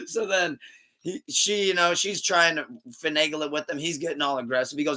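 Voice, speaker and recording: A man tells a story on a casual podcast, and his voice is clear and bright and sits a little high for a man. He jumps between loud outbursts and quiet muttered asides, and he laughs often. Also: normal speed. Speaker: podcast host.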